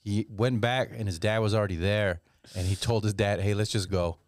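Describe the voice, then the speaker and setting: A man's voice: fairly low pitch, steady tone, brisk, no echo, studio quality. A man co-hosting a comedy podcast, telling a self-mocking story in a rambling, casual way. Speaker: podcast co-host.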